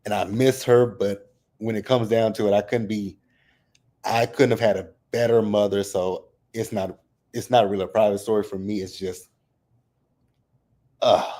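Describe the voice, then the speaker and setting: A man's voice: fairly low pitch, steady tone, normal speed, warm tone. A man in his thirties hosting a casual livestream recap, open and emotional as he talks about his family and fights back tears. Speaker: reality TV recap host.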